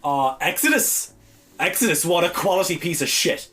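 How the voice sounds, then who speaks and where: Ranting male podcast co-host, fairly high voice, very animated, exasperated, profane. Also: normal speed, soft background music. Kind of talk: ranting casual chat.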